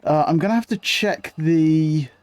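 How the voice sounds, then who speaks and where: A man's voice: a little high, unhurried. A man live-streaming a video game, chatting in a rambling, scatterbrained way and greeting viewers. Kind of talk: live-stream gameplay chat.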